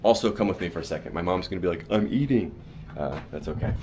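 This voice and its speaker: A man's voice: low-pitched, racing, noisy background. A man from California chatting to a handheld camera outdoors as a travel vlogger, rambling, with restarts and laughs. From California, United States. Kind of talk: casual vlog talk to camera. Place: outdoors at a family home.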